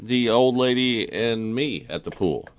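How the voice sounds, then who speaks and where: A radio host telling a funny story in a casual, animated way, acting out the people in it with big jumps in his voice. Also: medium pitch, measured pace, a loud crowd.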